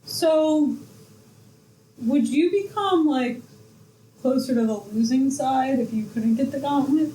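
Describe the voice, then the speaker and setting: A woman's voice: sits high, takes it slowly, pauses often, dark tone, echoey room, a little hiss or hum, low-quality recording. A woman playing a tabletop game, asking coy, probing questions. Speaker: player.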